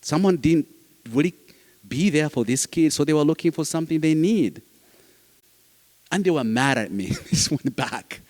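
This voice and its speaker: A man's voice: on the high side, lively intonation, normal speed, pauses often, a little mellow. A man, a foster dad giving a heartfelt speech to an audience, earnest, repeating phrases and restarting sentences. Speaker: foster parent speaking at a summit.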